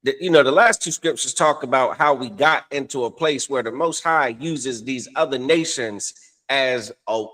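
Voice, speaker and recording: A man's voice: medium pitch, normal speed, fairly bright tone. A male co-host with an ordinary mid-range voice. He speaks casually and hesitantly, often stopping and restarting his sentences before making his point. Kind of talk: casual discussion.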